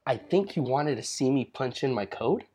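A man's voice: medium pitch, expressive, moderate pace, dark tone, husky. A young man co-hosting a casual podcast, telling stories loosely and swearing freely. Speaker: podcast co-host.

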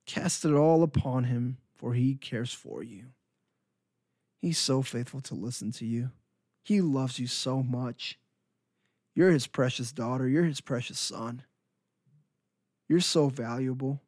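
A man's voice: medium pitch, slow, long pauses, darkish tone, dry recording, clean studio sound. Earnest man giving a devotional talk. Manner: earnest, encouraging, repeats phrases for emphasis. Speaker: Christian minister.

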